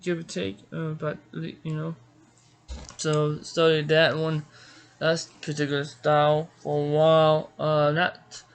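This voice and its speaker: A man's voice: on the high side, completely flat delivery, slow, clear, resonant tone. A middle-aged man from Georgia, a martial arts author, talking casually about himself with many stammers and restarts. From Georgia, United States. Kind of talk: casual self-introduction.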